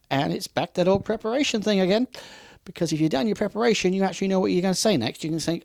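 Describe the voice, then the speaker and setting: A man's voice: high voice, animated, brisk, creaky, dry recording, studio quality. A man giving an unscripted customer service training talk, with emphatic, repeated warnings and acted-out customer dialogue. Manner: acts out customer dialogue in quotes.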